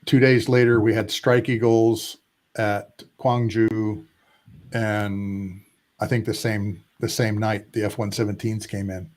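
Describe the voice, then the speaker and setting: A man in his sixties, a retired Air Force pilot, telling animated war stories as a podcast guest and drawing out emphatic lists. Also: lowish voice, takes it slowly. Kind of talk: casual storytelling interview.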